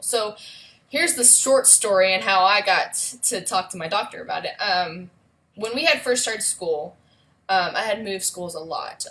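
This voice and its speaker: Bright-voiced chatty woman vlogger. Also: fairly low pitch, vocal fry, poor audio. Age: adult with a young son. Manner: chatty and rambling, many fillers and asides. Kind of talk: casual storytelling vlog.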